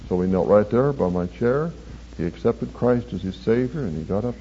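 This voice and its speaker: A man, a church counselor, telling the story of a counseling session in a measured, earnest way. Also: fairly low pitch, animated. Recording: dull lo-fi recording with faint hiss.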